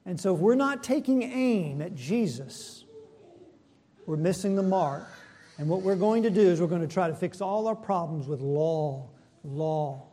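A man preaching a sermon, asking the congregation questions and rising in pitch and force when he presses a point before dropping low and soft again. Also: animated. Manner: slow, deliberate delivery with rhetorical questions.

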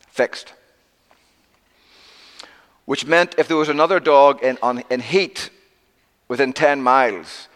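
A middle-aged man preaching a sermon, emphatic and repetitive, swinging from loud declarations to hushed near-whispers. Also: mid-range voice, big-room sound.

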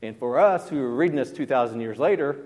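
A man's voice: medium pitch, expressive, fast talker, a little mellow, long reverb tail. A man preaching a sermon as pastor, in a conversational way that keeps asking the congregation questions. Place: church.

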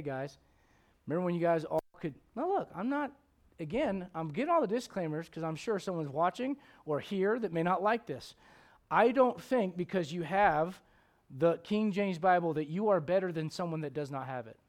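A man with a high voice preaches from the pulpit. He jumps from loud, pointed questions aimed at the congregation to low, quiet asides, and he hammers his points with repetition. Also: lively intonation, moderate pace. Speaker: pastor. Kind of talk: sermon.

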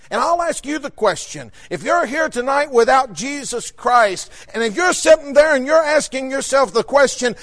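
A male preacher with a notably high voice for a man. He delivers his sermon fervently, weaving in personal stories and lifting into shouts when he drives a point home. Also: very animated, normal speed, few pauses.

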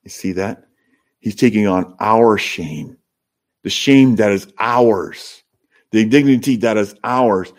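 A man's voice: on the low side, takes it slowly. A man preaching a sermon as pastor, earnest and emphatic, lifting his voice when he acts out the crowds. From Canada.

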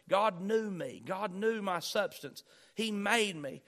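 A man's voice: high-pitched, lively intonation, slow pace, fairly bright tone. Man preaching with rising emphasis. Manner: preaching with rising emphasis, repeating key phrases. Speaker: pastor. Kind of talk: sermon.

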